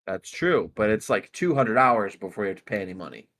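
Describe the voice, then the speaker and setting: Guy with a lowish voice, teasing his cohost, casual podcast chat. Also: big pitch swings, fairly quick, a bit bright. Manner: teasing, pushy banter. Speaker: podcast co-host.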